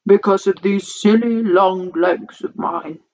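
A woman's voice: medium pitch, steady tone, darkish tone, close to an everyday voice. A woman voicing a gloomy, very tall storybook man who sighs over his troubles. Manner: slow, sighing and mournful. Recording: dull lo-fi recording.

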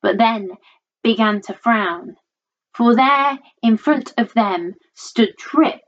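A woman reading a rhyming storybook aloud in a lilting, rhythmic, expressive voice, on a dull lo-fi recording. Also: a little high, takes it slowly.

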